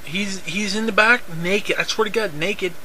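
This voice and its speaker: A man's voice: sits high, normal speed, very noisy. A man telling a rambling, profane story in a casual way, repeating himself and laughing often.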